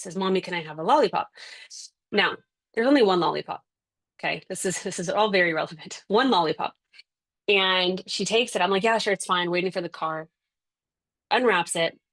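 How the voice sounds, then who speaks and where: Woman coach on a video call from home, lowish voice with a gravelly edge, chatty, acts out little scenes. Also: fairly bright tone. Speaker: parenting coach. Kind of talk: casual interview answer. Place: home with kids and a dog nearby.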